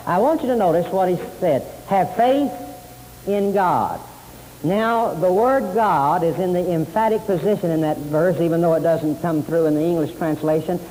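A man's voice: high voice, normal speed, warm tone. A man preaching a sermon, emphatic, repeating key phrases and quoting scripture. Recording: hissy tape in a long-reverb hall.

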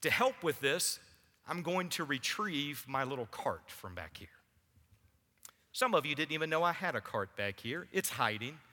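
Animated pastor in a hall. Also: male voice, fairly high pitch, normal speed. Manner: animated preaching with audience asides. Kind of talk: sermon. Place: church sanctuary. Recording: long church hall reverb.

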